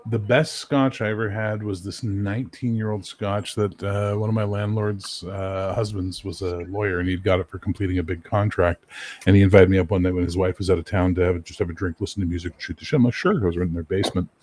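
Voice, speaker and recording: A man's voice: low-pitched, fast. A man from Canada chatting casually on a podcast, telling stories with lots of swearing and acting out what people said. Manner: storytelling, animated, swears freely, acts out quotes. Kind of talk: casual chat.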